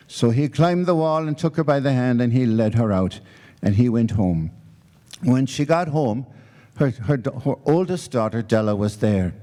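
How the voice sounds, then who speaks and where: A man telling humorous old-country folk stories in an unhurried way. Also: mid-range voice, lively intonation, mellow. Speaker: storyteller. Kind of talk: folk storytelling.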